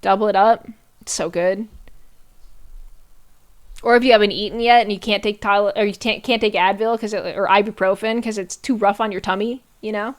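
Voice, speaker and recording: A woman's voice: mid-range voice, steady tone, a little fast. A young adult woman streamer chatting casually to her viewers, swearing and using slang, often laughing.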